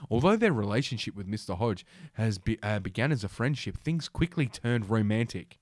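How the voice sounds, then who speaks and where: A man's voice: on the low side, sing-song, moderate pace, no echo, studio quality. A man hosting a podcast, reading an article aloud and mocking it in crude, profane asides. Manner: crude, mocking, swears often, laughs at own jokes. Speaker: podcast host. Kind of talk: casual commentary while reading an article aloud.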